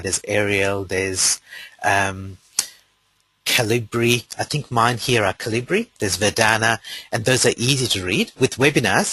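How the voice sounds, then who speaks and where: A man's voice: lowish voice, pushed and bright, slightly rough, no echo, poor audio. A man with an Australian accent presenting a live webinar, explaining step by step in a conversational way with frequent fillers.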